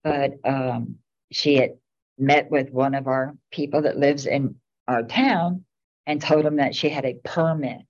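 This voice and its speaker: This town commissioner is a middle-aged woman whose voice is very deep and whose pace is measured. At a meeting, she wanders through casual anecdotes, captured on a dull, lo-fi recording.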